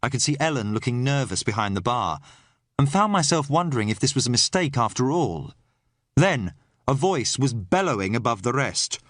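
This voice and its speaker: Male audiobook narrator, mid pitch, animated delivery, dry studio read. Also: normal speed, dry recording. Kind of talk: scripted first-person audiobook narration.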